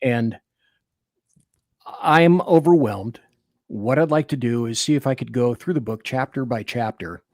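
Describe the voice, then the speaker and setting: A man hosting a talk radio interview, animated and rambling, often cutting himself off and restarting. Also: medium pitch, no room sound, clean studio sound. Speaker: radio show host.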